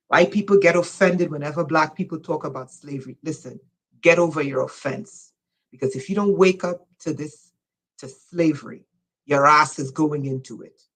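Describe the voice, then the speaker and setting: A woman spiritual teacher giving an impassioned lecture, emphatic and loud at times, again and again urging her listeners to listen. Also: low-pitched, husky, low-quality recording.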